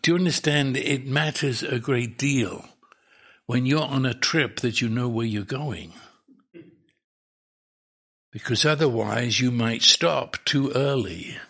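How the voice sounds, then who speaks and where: A male preacher with a gravelly, husky voice delivers an unhurried sermon. He repeats words for emphasis and lifts his pitch as his excitement builds.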